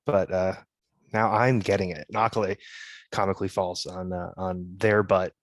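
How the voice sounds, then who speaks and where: A man's voice: deep voice, steady tone, normal speed, no room sound. Dry-miked wry male game player. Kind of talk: tabletop game chat, in and out of character.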